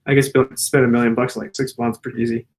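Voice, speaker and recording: A man's voice: medium pitch, little pitch movement, quick pace. A man, a general surgeon, answering viewer questions in a loose, profane, casual way. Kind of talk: casual Q&A chat.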